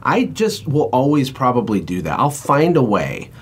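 A man hosting a podcast, an entrepreneur talking in an energetic, emphatic, motivational way. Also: mid-range voice, moderate pace, husky. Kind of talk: casual chat.

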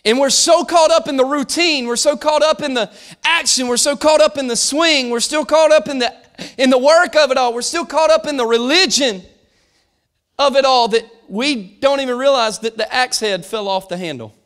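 A man preaching a sermon as pastor, lively and animated, shouting at peaks and dropping to a hush, often restarting phrases and acting out voices. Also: extremely high pitch, normal speed.

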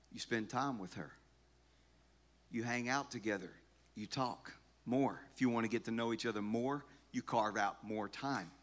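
A middle-aged man preaches from the pulpit in an easy, conversational way. His voice is bright and forward, and he climbs in force as he stacks up repeated phrases. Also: medium pitch. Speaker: pastor. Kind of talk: sermon.

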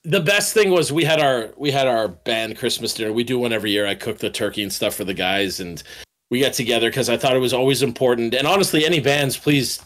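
A man, a band guitarist, telling studio stories in a casual interview, swearing freely and acting out quotes. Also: medium pitch. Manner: animated, swearing storyteller who acts out quotes.

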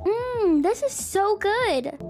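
Woman playing a single mom in a toy roleplay, really high voice, talks slow and chatty. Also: expressive, music in the background. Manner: chatty, unhurried narration of actions.

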